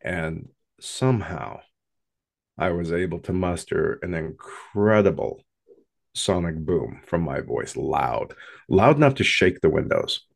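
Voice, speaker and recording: A man telling a first-person paranormal story in an intense, dramatic way with long pauses. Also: sits low, animated, gravelly.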